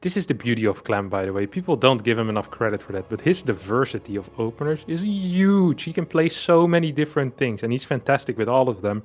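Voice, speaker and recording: A man casting a live esports match, chatty and swelling into excited play-by-play. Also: mid-range voice, fast talker, few pauses. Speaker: esports caster.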